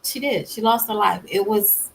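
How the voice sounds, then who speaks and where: A woman's voice: mid-range voice, moderate pace, vocal fry, breathy edge, poor audio. A woman vlogger talking candidly to camera, emphatic and blunt, with many fillers and repeated firm refusals.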